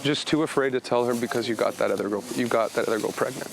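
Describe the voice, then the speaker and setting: A man's voice: medium pitch, fast, creaky, background noise. A man hosting a reality show, pressing someone with questions and narrating in voice-over.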